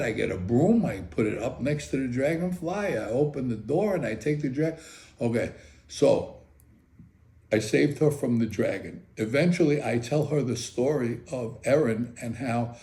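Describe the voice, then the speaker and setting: An older man casually telling a personal story in a chatty, animated way, often checking in with "okay?". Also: mid-range voice, creaky. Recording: roomy echo.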